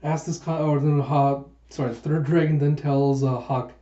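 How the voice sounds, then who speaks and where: Male manga reviewer reading aloud, casual, mellow, echoey and a bit dull. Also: fairly high pitch, fairly even intonation, moderate pace. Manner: casual, often correcting names. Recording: echoey room, dull sound.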